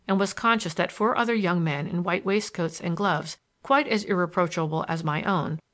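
A woman reading a first-person novel aloud in a measured, even storytelling manner. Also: on the low side. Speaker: audiobook reader.

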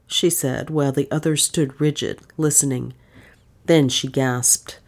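A woman with a low voice narrating a mystery novel. Her telling is measured and even. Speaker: audiobook narrator. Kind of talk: scripted narration.

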